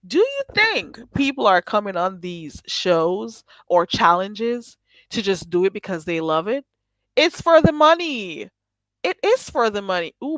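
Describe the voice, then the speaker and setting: An expressive woman hosting a casual livestream, her pitch swinging up and down as she laughs and talks back to her chat. The sound is dry and close, with no room around her voice. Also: no echo. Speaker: livestream host.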